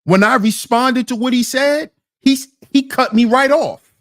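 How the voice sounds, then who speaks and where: A man's voice: extremely high pitch, unhurried, a bit bright. A man hosting a reaction stream, indignantly picking apart a debate clip and firing rhetorical questions at his chat. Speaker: commentary channel host.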